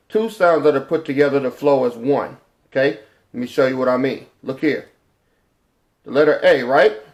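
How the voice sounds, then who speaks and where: A man teaching informally from a chart, halting often with repeated fillers and sounding out letters and syllables. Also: medium pitch, a little mellow, highs cut off. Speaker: religious teacher.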